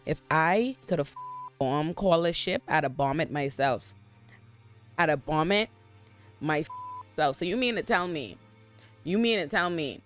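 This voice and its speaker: A man hosting a casual TV episode recap from a hotel room, ranting in an animated, exasperated and profane way. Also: fairly high pitch. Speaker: TV recap host.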